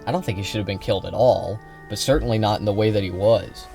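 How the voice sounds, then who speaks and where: Brief: man, low-ish voice, heated profane streamer commentary, faint music underneath. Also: quick pace, creaky, darkish tone. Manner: heated, profane, repeats himself, many restarts. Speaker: political streamer reacting to a clip. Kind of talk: casual live-stream commentary.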